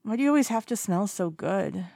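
A woman's voice: medium pitch, expressive, fairly quick, creaky, mellow, no echo, pitched above the performer's own voice. A woman voicing a tipsy, playful young man in an audiobook, bubbly and teasing, with a dry close sound. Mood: drunk playful. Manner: bubbly, teasing, sing-song calls of a name. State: drunk. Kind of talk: audiobook character voice.

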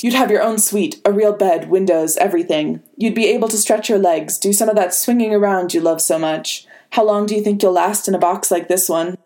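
A woman's voice: mid-range voice, warm tone, natural voice. A woman voicing a cold, smug older male government secretary who talks down to people in a silky, condescending way. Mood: persuasive.

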